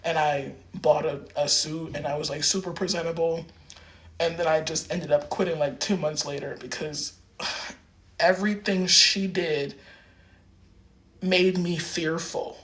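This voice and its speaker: A man's voice: on the high side, fairly even intonation, a little slow, fairly bright tone. A man rambling in a casual livestream rant, filling his talk with lots of filler words.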